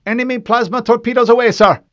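A man voicing an alarmed bridge officer who shouts urgent, rushed warnings, very high and loud. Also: no echo, muffled recording, lightly acted.

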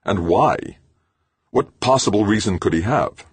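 A man's voice: very deep voice, sing-song, normal speed, creaky, breathy edge, no room sound, pitched above the performer's own voice, heavily acted. A man voicing a blunt, skeptical male leader who talks in an incredulous way.

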